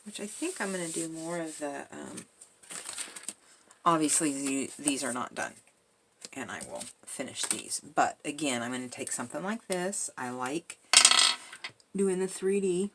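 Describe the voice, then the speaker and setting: A woman quietly talking herself through a craft project, muttering and joking at herself as she works. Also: sits low, a little slow, pauses often, noisy background. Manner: soft-spoken, muttering to herself, self-deprecating. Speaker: crafting video host. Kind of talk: casual narration while crafting.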